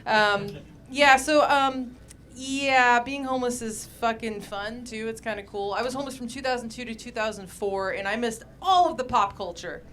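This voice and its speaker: A woman doing a stand-up comedy set on a club stage, telling crude deadpan stories with a lot of swearing, into a handheld mic. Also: fairly high pitch, moderate pace.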